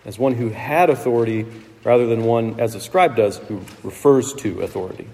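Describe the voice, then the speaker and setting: A man preaching a sermon in a relaxed, conversational way, with asides to the congregation. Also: medium pitch, moderate pace. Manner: conversational, with asides and light laughs. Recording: long reverb of a large hall.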